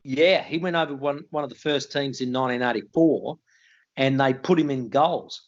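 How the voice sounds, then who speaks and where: A man's voice: medium pitch, normal speed, muffled recording. An older Australian man, a retired footballer, telling colloquial stories in a casual interview and laughing at his own tales.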